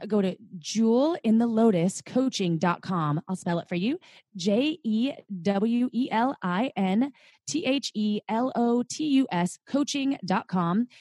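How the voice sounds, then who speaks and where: A woman reading a prepared introduction in a brisk, list-like way, spelling web addresses letter by letter. The sound is dry and close. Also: mid-range voice, a little mellow, dry recording. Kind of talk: read-out introduction.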